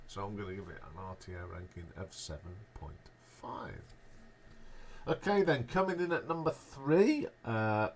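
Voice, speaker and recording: Man, lowish voice, casual album ranking, offhand delivery, faint background hiss. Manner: relaxed, offhand, trailing off at ends of remarks. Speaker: music reviewer, show host.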